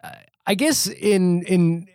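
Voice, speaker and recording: A man from India chatting casually about a film as a podcast host, animated and full of restarts and fillers. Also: sits high, takes it slowly, smooth, no room sound. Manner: animated, thinks aloud with many restarts and fillers.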